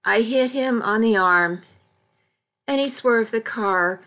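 A woman narrating a first-person story as an audiobook, in a measured, steady storytelling manner. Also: fairly high pitch.

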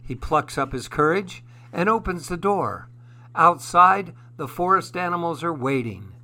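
A man narrating a children's story in a gentle, expressive way. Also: on the high side, a little slow.

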